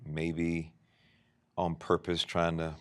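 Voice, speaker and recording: A man's voice: low voice, completely flat delivery, slow pace, fairly bright tone, clean tone. A man, a pastor hosting a show, interviewing a guest, probing and reacting with awe.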